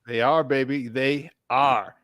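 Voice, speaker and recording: A man's voice: medium pitch, steady tone, takes it slowly, a bit bright, no room sound, studio quality. A man hosting a casual sports talk show, laughing often and arguing his points with emphatic energy. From Chicago area.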